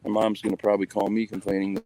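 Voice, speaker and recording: A man's voice: on the low side, completely flat delivery, fast talker, noisy background. A man hosting a show, chatting casually and upbeat into a phone while walking his dog outdoors in the rain. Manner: rambling, upbeat. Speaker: show host. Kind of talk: casual vlog chat.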